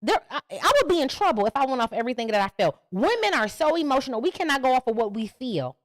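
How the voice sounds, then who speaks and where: Loud mouthy woman podcast host, high voice, swoops all over, dry close mic. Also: very animated, fast talker, dry recording. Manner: brash, profane, preachy, swings between shouting and muttering. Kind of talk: opinionated comedic commentary.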